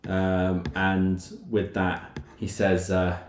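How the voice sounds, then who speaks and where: A man's voice: low-pitched, monotone, very slow, reverberant, slight background noise. A man narrating a tabletop role-playing game as game master, rambling with many fillers.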